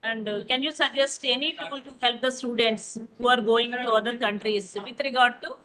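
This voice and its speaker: Woman asking a question, bright clear voice, polite. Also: a little high, steady tone, moderate pace. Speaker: session participant. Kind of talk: online training session question.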